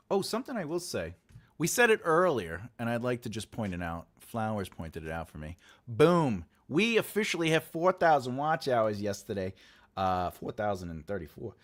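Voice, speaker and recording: A man's voice: mid-range voice, big pitch swings, moderate pace. A man hosting a casual livestream, rambling and laughing as he chats and tells jokes. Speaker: livestream host.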